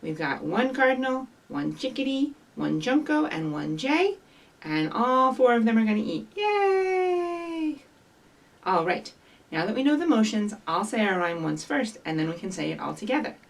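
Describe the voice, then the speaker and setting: A woman reading a picture book aloud and leading rhymes for young children, in an animated, sing-song way with bright bird calls and prompts to join in. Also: medium pitch, moderate pace, creaky. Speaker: children's librarian leading story time. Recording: voice from some distance from the mic.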